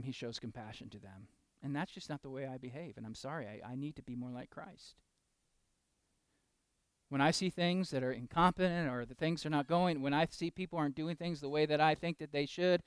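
A man preaching a sermon, moving between loud, slow emphasis and soft, intimate asides, and putting questions straight to the congregation. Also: fairly high pitch, clean tone, no echo. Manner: talks directly to the congregation with questions. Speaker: pastor.

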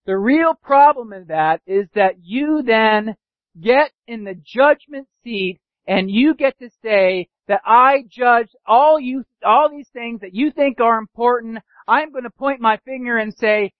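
A pastor preaching a sermon, animated, sometimes acting out sarcastic voices. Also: male voice, very high voice, measured pace, dry recording. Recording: dull dry lo-fi sound.

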